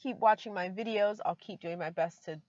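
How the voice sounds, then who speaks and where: A woman's voice: medium pitch, a little fast, darkish tone, no room sound, muffled recording. A woman vlogging from inside her car, chatty and emotional, with many fillers. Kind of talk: casual vlog talk to camera.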